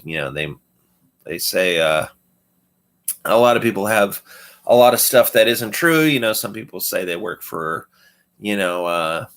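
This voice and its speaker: A man's voice: fairly low pitch, fairly bright tone. A man hosting a casual livestream, talking through a loose numbered list with many fillers and restarts. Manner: rambling, filler-heavy, loose list-by-list explaining. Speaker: livestream host.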